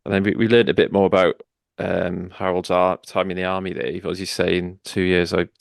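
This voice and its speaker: A man's voice: low voice, little pitch movement, fairly quick, vocal fry, no echo, clean studio sound. A man co-hosting a podcast, recounting scenes in casual chat. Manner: recounts scenes, quotes lines. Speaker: podcast co-host.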